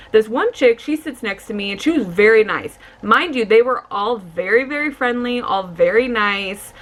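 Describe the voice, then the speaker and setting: A young woman tells a funny story to her camera, lively and blunt, with a few swear words. Her voice sits a little high and sounds bright and clear. She acts out the lines of the people in the story. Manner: animated, swearing, laughing, acting out quotes. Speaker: vlogger. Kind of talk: casual storytime.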